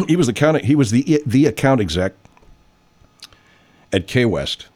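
A man in his sixties hosting a live stream, rambling in profane, animated casual chat. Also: medium pitch, a little slow.

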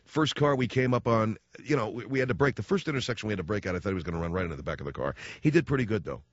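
A man's voice: fairly low pitch, very fast, dry recording. Sarcastic male talk radio host. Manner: sarcastic, animated storytelling. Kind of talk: talk radio monologue and call-in. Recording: dull, dry studio broadcast.

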